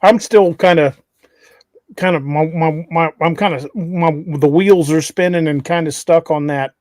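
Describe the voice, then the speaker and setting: A man's voice: fairly high pitch, measured pace, a little mellow, no echo. Drawling man, dry close sound. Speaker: podcast co-host. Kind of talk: casual podcast chat.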